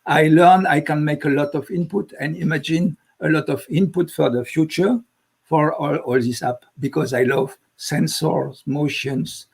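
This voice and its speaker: This is a French-accented man speaking English as a second language in a casual live chat. His voice is gravelly and husky. He speaks haltingly, pausing to search for words. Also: fairly high pitch, fairly even intonation, darkish tone. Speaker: guest magic inventor.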